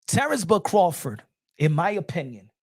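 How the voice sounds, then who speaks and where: Animated, opinionated boxing-talk host man. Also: high-pitched, normal speed, dry recording, clean studio sound. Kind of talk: casual livestream commentary.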